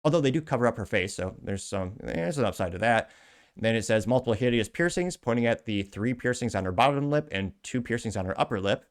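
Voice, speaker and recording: Brief: male show host, deeper voice, reads posts aloud with snide asides. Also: lively intonation, fast talker. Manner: sarcastic, rambling asides. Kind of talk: commentary reading social media posts.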